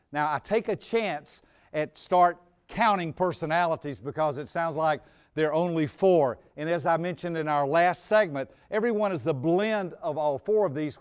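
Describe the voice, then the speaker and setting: A man in his sixties who speaks on personality types tells a personal story on stage to an audience. His voice is on the high side, smooth, and darkish in tone, and his folksy, humorous delivery sometimes repeats words.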